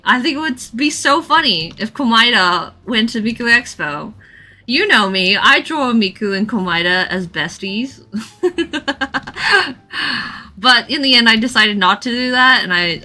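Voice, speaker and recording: A young woman chatting casually on a drawing livestream, telling stories with lots of giggles. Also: fairly high pitch. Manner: giggly, animated storytelling with frequent laughs. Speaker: artist streaming a live drawing session.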